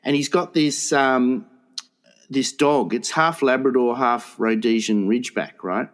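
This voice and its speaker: A man's voice: medium pitch, a little slow. A man co-hosting a comedy podcast, telling a rambling, sweary story and laughing as he goes. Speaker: podcast co-host. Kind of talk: casual storytelling.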